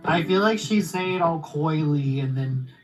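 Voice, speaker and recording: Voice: mid-range voice, moderate pace, faint music behind. A guest on a livestream speaking casually over a remote call, sounding hesitant and shy. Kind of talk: casual chat.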